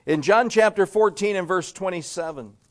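A man preaching a sermon to a church congregation, swinging between loud emphasis and hushed asides. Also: high voice, moderate pace. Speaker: pastor.

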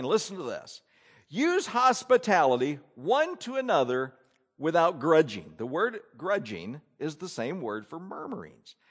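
A man preaching a sermon from an outline, acting out grumbling asides with lively energy. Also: a little high. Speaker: pastor.

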